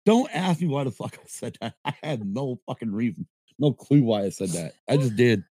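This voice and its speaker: A man's voice: medium pitch, lively intonation, normal speed, mellow, breathy edge, no echo, clean studio sound. A middle-aged man co-hosting a casual livestream podcast from home, joking, swearing and rambling. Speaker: podcast co-host. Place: home at night with fireworks outside.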